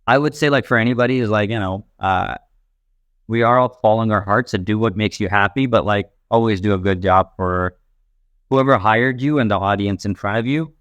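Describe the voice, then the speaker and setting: A young stand-up comedian from a Pakistani family who grew up in Texas, telling stories in a rambling, animated way full of fillers. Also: male voice, lowish voice, a little fast, no echo, lo-fi sound. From Pakistani family, raised in Texas, later Canada. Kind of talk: casual interview talk.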